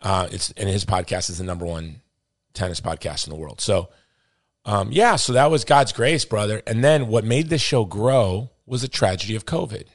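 Man, middle-aged, podcast host, casual storytelling, acts out quotes, lowish pitch. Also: normal speed, no room sound, clean studio sound. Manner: animated, acts out quoted voices, says dude and brother.

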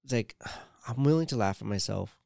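A man's voice: mid-range voice, lively intonation, normal speed, creaky, darkish tone, no room sound, clean studio sound. A man in casual chat, telling stories in a rambling way full of "like" and quoted asides.

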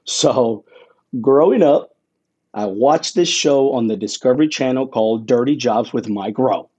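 A man sits as an interview guest and tells his story with growing excitement and feeling. His voice is warm and mellow, never bright. He talks like a play-by-play broadcaster, with punchy phrases and dramatic pauses. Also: mid-range voice, slightly rough. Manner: animated and emotional, with dramatic pauses.

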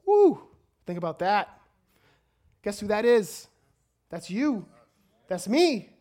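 A woman preaching a sermon in an energetic way, often stumbling and repeating words as she goes. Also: medium pitch, slow pace.

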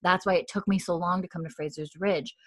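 A woman recapping a TV episode in casual chat, quoting characters' lines in a hushed voice and saying "like" a lot. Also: steady tone, a little fast, dry recording, studio quality. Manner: retells dialogue in a hushed, lowered voice with frequent "like". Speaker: podcast co-host recapping a TV episode. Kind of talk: casual chat, retelling scenes with quoted lines.

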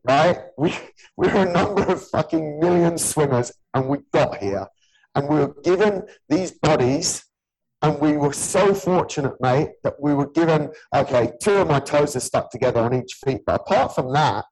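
A man's voice: fairly high pitch, moderate pace, darkish tone, husky, rough recording. A man in his early forties, a gym owner, talks bluntly and earnestly in a casual podcast chat. He swears freely and keeps calling the other man "mate". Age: 40s. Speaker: gym owner and personal trainer, podcast host.

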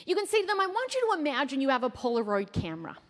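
Canadian woman doing a keynote in a big hall, high lively voice, long echo. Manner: fast-talking, quizzes the audience, playful asides. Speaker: keynote speaker. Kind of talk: lively keynote speech to a live audience. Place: large hall before an audience.

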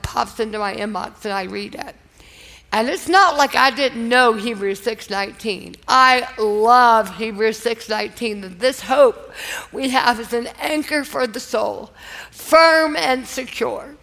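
A woman's voice: fairly high pitch, fairly bright tone, big-room sound, poor audio. A woman giving an earnest, emotional personal testimony at a live faith event, talking in a casual storytelling way. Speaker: guest speaker.

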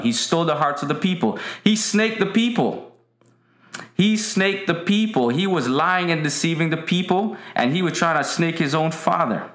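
Speaking at a fairly high pitch with a fairly bright tone, a man preaches to people watching online. The sermon is casual yet emphatic, full of repeated key lines and greetings to viewers by name, and the room echoes noticeably.

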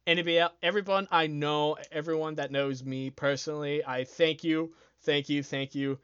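A man's voice: a little high, fairly even intonation, normal speed, a bit bright, smooth, dry recording, highs cut off. A young man hosting a casual podcast on his own, rambling, swearing a lot and laughing often. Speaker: podcast host. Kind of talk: casual solo podcast chat.

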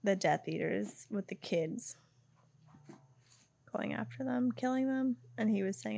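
A woman co-hosting a casual book discussion podcast, giggly and quick to jump in. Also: mid-range voice, expressive, creaky, dark tone. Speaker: podcast co-host.

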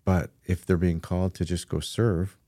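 A man's voice: deep voice, level tone, moderate pace, mellow, dry recording. A man who co-hosts a church podcast as a pastor, speaking earnestly and adding emphasis to key points in casual conversation.

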